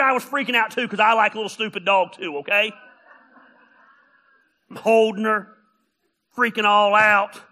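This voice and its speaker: A man preaching a sermon, telling funny stories and often raising his voice to a shout. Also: very high voice. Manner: animated, often shouting, storytelling. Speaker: pastor.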